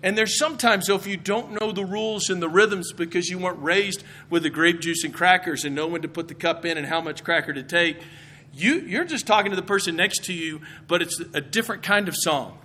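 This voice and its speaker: A man's voice: sits high, a little fast, bright, forceful tone, slight background noise. A middle-aged man, a Bible professor, giving a humorous chapel talk from the stage, telling stories and acting out the voices of people he quotes.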